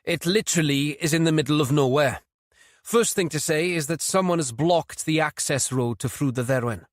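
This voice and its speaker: A man narrates an audiobook in a studio-quality, dry recording, voicing a cheeky and eager young male detective constable. His delivery is fairly high-pitched and at normal speed, raised above his natural voice yet still close to everyday speech.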